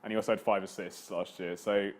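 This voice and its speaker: A man's voice: fairly low pitch, little pitch movement, fast talker. A man speaking casually as a sports panelist, sometimes correcting himself. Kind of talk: panel discussion.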